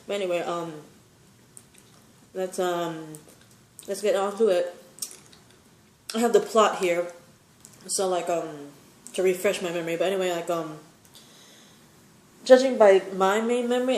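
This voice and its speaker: A woman's voice: lowish voice, darkish tone, roomy sound. A woman giving a casual, opinionated recap of a TV episode, rambling with many fillers. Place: sitting in a chair at home.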